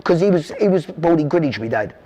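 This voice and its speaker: A man's voice: fairly high pitch, lively intonation, fast talker, warm tone. A middle-aged man from South London with a South London accent, telling long rambling stories about his father in an interview. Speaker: podcast guest. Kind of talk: storytelling interview.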